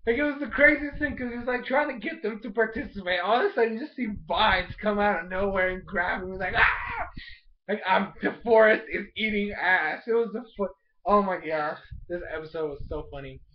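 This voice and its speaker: High-voiced excitable man on a dull lo-fi mic. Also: fairly quick. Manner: animated, fills speech with "like", mild cursing. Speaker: episode reviewer. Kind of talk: casual excited recap.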